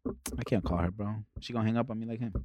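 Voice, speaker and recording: A young man on a casual podcast telling animated stories, acting out quotes and swearing a lot. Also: lowish voice, quick pace, no echo. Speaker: podcast co-host.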